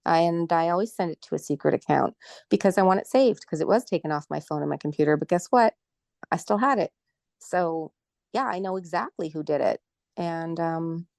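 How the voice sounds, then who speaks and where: A woman's voice: on the low side, vocal fry, darkish tone, dry recording, studio quality. A middle-aged woman from Canada, a guest telling her story in a casual interview, agitated and indignant.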